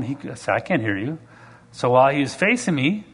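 A man's voice: mid-range voice, normal speed, slightly rough. A man preacher delivering a sermon, telling stories and acting out the people in them, building to emphatic, rising passages. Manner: animated, rising to emphatic preaching with acted-out quotes. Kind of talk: sermon with storytelling.

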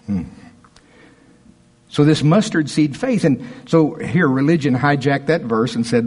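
A man preaching a sermon as pastor, conversational and emphatic, rising to forceful punches. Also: a little high, animated, unhurried, pauses often, breathy edge.

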